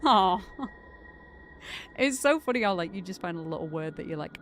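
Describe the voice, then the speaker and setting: A woman's voice: on the low side, animated, moderate pace, a bit bright, slight background noise. Chatty Northern English woman streamer. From Greater Manchester, England. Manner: rambling and chatty, with frequent fillers. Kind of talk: casual chat while live streaming.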